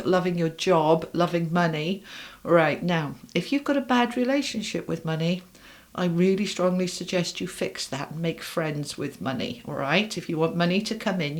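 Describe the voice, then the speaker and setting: A middle-aged woman giving a casual tarot reading, chatting to viewers in an upbeat way and speaking straight to them. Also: on the low side. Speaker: tarot reader.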